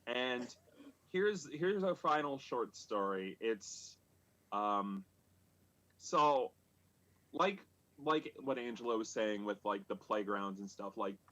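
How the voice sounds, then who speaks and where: A man in his thirties telling a comedic personal story at a live storytelling show, rambling and halting with many fillers and restarts. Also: on the low side, fairly bright tone, lo-fi sound. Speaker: stand-up comic telling stories.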